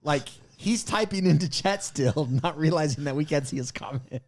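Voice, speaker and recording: A man co-hosting a casual gaming podcast, opinionated and animated, laughing often. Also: fairly high pitch, moderate pace. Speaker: podcast co-host.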